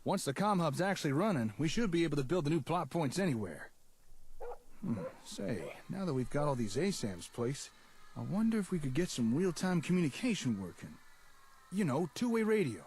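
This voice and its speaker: A man's voice: fairly high pitch, sing-song, normal speed, darkish tone, a little hiss or hum. A man voicing a friendly male settler in a game, easygoing and full of plans. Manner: friendly, easygoing planning talk. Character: upbeat male settler tinkerer. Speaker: game character.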